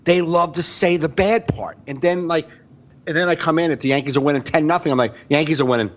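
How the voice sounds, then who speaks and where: A man's voice: fairly high pitch, fairly quick, dull audio. A man co-hosting a podcast, telling comic stories in casual, profane chat. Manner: animated storyteller, swears freely. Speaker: podcast co-host.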